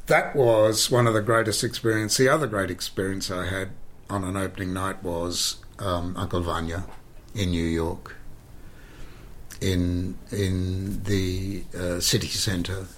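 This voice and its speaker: A low-voiced stage actor shares theatre anecdotes in an interview, animated and dramatic, using deliberate pauses and repeated words. Faint background noise can be heard.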